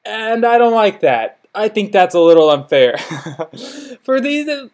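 Young man, podcast host, slightly high voice, rambling, self-deprecating, casual comedic monologue. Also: big pitch swings, measured pace, a little mellow.

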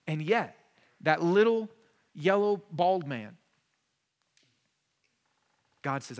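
A man in his thirties, a pastor, preaching a casual sermon that swings from hushed asides to emphatic high points. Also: animated, unhurried, long pauses. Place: church sanctuary. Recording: long church reverb.

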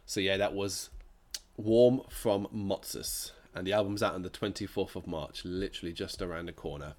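Croaky-voiced man hosting a podcast. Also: low voice, steady tone, moderate pace, darkish tone. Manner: rambling, self-correcting, enthusiastic. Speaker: podcast host. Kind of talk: casual podcast monologue.

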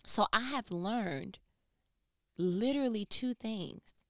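A woman giving a casual motivational talk into her phone, telling stories animatedly and swinging from loud to hushed. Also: medium pitch, lively intonation, slow pace, pauses often, no echo, clean studio sound. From New York.

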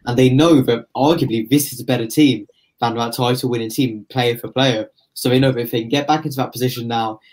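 A man's voice: medium pitch, steady tone, a little fast, a little mellow. Male football pundit, casual podcast, confident analytical delivery. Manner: confident analytical, building points at length.

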